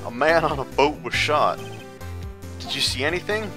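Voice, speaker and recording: A man's voice: on the high side, lively intonation, normal speed, pitched above the performer's own voice, lightly acted. Nervous young lawyer guy, a man reading him, stammers a lot, game music going. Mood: flustered. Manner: stammering and apologetic.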